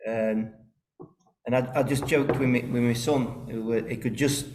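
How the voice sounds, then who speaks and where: A man's voice: mid-range voice, fairly even intonation, unhurried, background noise. A man, a band's lead singer telling rambling anecdotes in a casual interview from a rehearsal room. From East Midlands, England. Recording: roomy rehearsal room echo.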